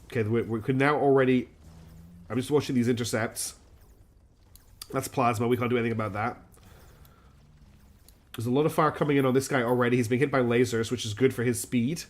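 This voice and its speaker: A man's voice: medium pitch, steady tone, brisk, pauses often. A man streaming a strategy game, chatting and thinking aloud in a casual, self-deprecating way. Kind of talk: live game commentary.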